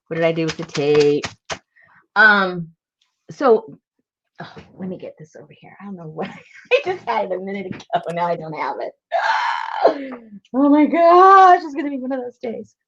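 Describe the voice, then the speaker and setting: A chatty woman tells a story in a casual craft vlog, laughing often. Her pitch swings up and down a lot. The sound is a bit dull and lo-fi. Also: no echo. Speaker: craft vlogger. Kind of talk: casual chat while crafting.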